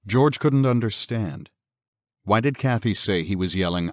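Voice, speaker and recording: A man narrating a horror audiobook in a measured, steady storytelling manner. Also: fairly low pitch, dry recording, studio quality.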